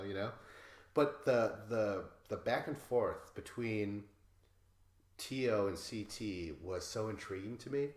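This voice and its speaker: A man co-hosting a podcast, casually recapping a reality show in a lively way and imitating the cast members. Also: on the low side, normal speed, echoey room. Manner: animated, mimics cast members with laughs. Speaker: podcast co-host.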